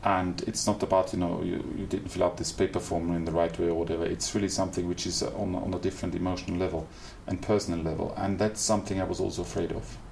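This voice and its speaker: Guest: German-accented man, very low gravelly voice, measured and reflective, light background hiss. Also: flat delivery, darkish tone. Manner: thoughtful, searching for words with small restarts. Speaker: classical singer, guest. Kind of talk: reflective interview conversation. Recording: faint background noise.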